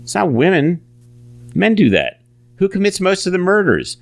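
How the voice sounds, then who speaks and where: A man's voice: sits high, wildly swooping pitch, moderate pace, vocal fry. A man talking as an author guest in a casual interview, rambling, restarting his sentences and insisting on his points.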